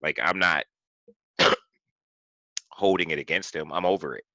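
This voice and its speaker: A man's voice: low-pitched, steady tone, unhurried, bright, forceful tone, no room sound, rough recording. A man hosting a casual podcast, retelling an interview at length with many "you know"s and restarts. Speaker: podcast host. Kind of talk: casual political discussion.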